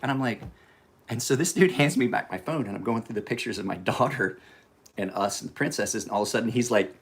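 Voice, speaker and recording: A man's voice: mid-range voice, a little fast. A man hosting a livestream, telling loose, profane anecdotes and chatting to viewers in the live chat by name. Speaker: livestream host. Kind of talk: casual storytelling to live chat.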